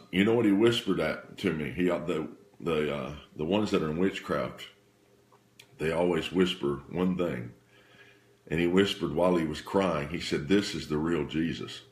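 Low-voiced man telling a faith story. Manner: halting, repeats and restarts phrases; earnest, emotional retelling. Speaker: speaker sharing a faith testimony. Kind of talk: personal storytelling testimony. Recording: roomy echo.

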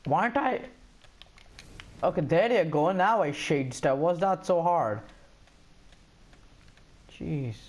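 A young man with a slightly high voice trash-talks his opponent over a headset in game chat. He teases, curses and gloats in a loose, casual way. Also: expressive, slow pace, long pauses. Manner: teasing trash talk, cursing. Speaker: gamer.

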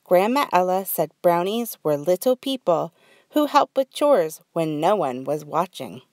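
A woman who leads a girls' youth group, reading a children's storybook aloud in a gentle, expressive way. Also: on the low side, unhurried, dry recording, clean studio sound. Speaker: Girl Guide leader, storyteller. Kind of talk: storybook read-aloud narration.

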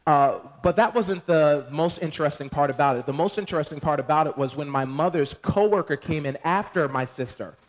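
A man's voice: on the high side, a little fast, hardly any pauses. A man, a pastor, joking with his congregation as he tells wedding stories at the start of a sermon in church. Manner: playful, joking, addresses the congregation. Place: church sanctuary.

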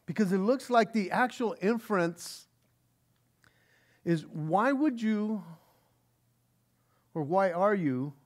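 A man preaching an expository sermon from the pulpit. His voice sits high and swings widely in pitch, and he often repeats and restarts words as he works through the text. His earnest delivery slows down for scripture. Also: animated. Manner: earnest, frequent stammered restarts; reads scripture aloud slowly. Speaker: pastor.

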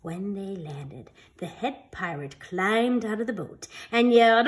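A woman reading a children's picture book aloud as a storyteller, in an animated, expressive way. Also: medium pitch, unhurried, hardly any pauses.

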